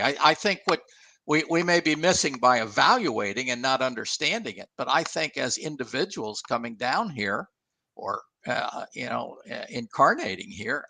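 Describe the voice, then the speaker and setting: Older male guest, gravelly and bright-toned, dry close mic, halting and reflective. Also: mid-range voice, dry recording. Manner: halting, many restarts and fillers, thoughtful. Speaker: guest, former engineer and author. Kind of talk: casual interview talk.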